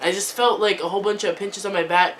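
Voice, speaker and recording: A woman's voice: medium pitch, steady tone, fast, a bit bright, recorded from a distance, slight background noise. A teenage girl telling a storytime vlog, chatty, filling her talk with "like" and "um". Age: teens. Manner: chatty, lots of "like" and "um", laughing asides. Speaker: vlogger.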